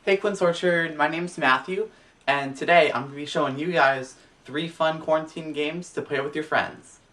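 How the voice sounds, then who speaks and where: A man's voice: fairly high pitch, steady tone, moderate pace, fairly bright tone, recorded from a distance. Upbeat young man hosting a student vlog. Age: young adult. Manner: upbeat, chatty address to viewers. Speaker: student video host. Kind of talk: casual vlog. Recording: mic some way off, faint ambient noise.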